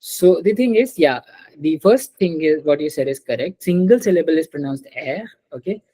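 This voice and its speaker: A woman's voice: deep voice, lively intonation, moderate pace, mellow, breathy edge, no echo, poor audio. Patient female French tutor on a call. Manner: patient, repeats and checks with students. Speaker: French teacher. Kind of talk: online class teaching.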